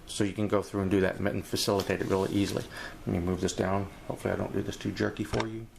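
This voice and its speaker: A man teaching a jazz etude in a relaxed, rambling way, walking through the music and scatting phrases aloud. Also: low-pitched, racing, creaky, a little hiss or hum. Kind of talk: casual instructional walkthrough.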